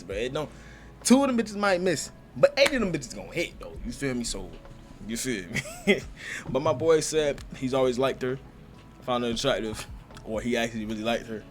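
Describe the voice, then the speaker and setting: A man giving casual, slangy reaction commentary on a manga chapter, excitable and quick to laugh. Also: medium pitch.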